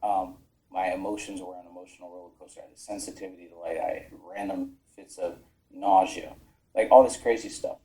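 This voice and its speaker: A low-pitched man with a mellow, dark voice recounts his army years as a podcast guest. He talks frankly, swears often, and slips into the voices of the people he quotes. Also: steady tone, a little fast, rough recording. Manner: frank, swears freely, acts out quoted dialogue. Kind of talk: casual storytelling. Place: podcast studio.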